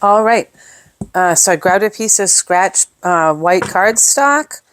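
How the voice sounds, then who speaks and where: A woman's voice: mid-range voice, lively intonation, slow, a bit bright, no room sound. A woman chatting through an unboxing of scrapbooking supplies, gushing over each piece and thinking aloud with fillers. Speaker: scrapbooking product reviewer. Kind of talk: casual unboxing show-and-tell.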